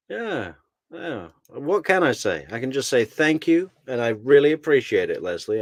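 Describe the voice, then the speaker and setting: A man's voice: mid-range voice, sing-song, measured pace, no room sound. A man hosting a casual true crime live stream, chatty and laughing as he thanks viewers by name. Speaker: true crime commentary host.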